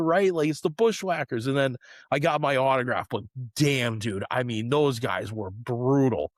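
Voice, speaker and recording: A middle-aged man co-hosting a podcast, telling stories in an animated way and often saying "man" and "dude". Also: medium pitch, normal speed, no echo, studio quality. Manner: animated storyteller, swears, says "man" and "dude" a lot. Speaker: podcast co-host. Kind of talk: casual chat.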